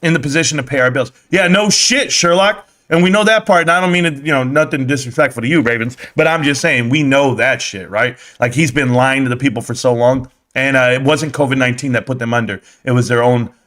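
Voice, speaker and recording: A man's voice: mid-range voice, steady tone, fairly quick, hardly any pauses, fairly bright tone. A man ranting casually on a live stream about stocks, profane, rambling and joking.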